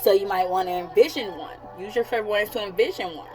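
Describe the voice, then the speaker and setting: A woman's voice: mid-range voice, a little fast, darkish tone, soft background music, rough recording. A woman in her thirties, a psychic coach, talking in a casual vlog, candid and blunt, swearing freely and often laughing. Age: 30s.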